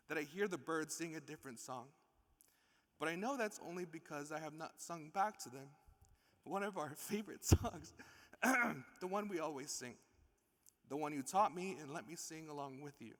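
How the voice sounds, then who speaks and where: A man reading a letter poem aloud at a conference reading, emotional and stopping to laugh and start over. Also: on the high side. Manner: emotional, stops to laugh and restart. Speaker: poet reading. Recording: reverberant hall.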